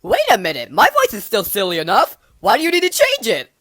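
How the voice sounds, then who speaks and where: A woman's voice: mid-range voice, wildly swooping pitch, fast, a bit bright, dry recording, studio quality, exaggerated voice. A woman voicing a goofy, whiny male cartoon cucumber. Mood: defensive.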